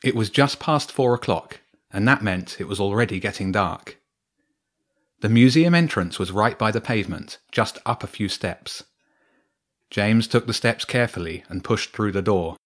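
A man calmly reading a children's story aloud as narrator. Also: on the low side, normal speed. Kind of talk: scripted narration.

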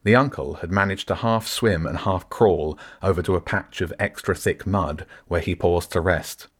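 A man narrating an audiobook in a steady storytelling manner, shifting into character voices. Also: deep voice, normal speed, slightly rough. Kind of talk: scripted narration.

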